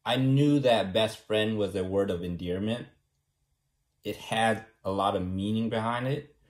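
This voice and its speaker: A man's voice: fairly low pitch, measured pace. A young man from California talking casually to the camera, rambling and self-assured and often tagging his points with a question. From California, USA. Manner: rambling and self-assured, keeps asking "right?". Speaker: vlogger.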